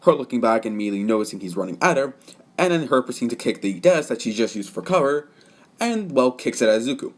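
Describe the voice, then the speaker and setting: A man's voice: medium pitch, big pitch swings, fast. A young man narrating a fan story off the cuff, rambling with many fillers and self-corrections.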